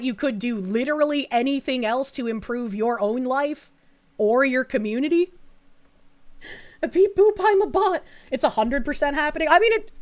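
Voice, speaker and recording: Young woman streamer chattering thru donations, kinda high voice, lots of uh and like. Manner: chatty, reads messages aloud, frequent fillers and laughs. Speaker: streamer reading chat donations. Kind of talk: casual livestream chat.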